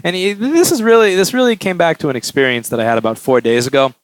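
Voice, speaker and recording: A man who runs a repair shop, talking casually in an animated storytelling way and acting out quotes. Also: fairly high pitch, fast talker, no echo. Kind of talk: casual vlog monologue.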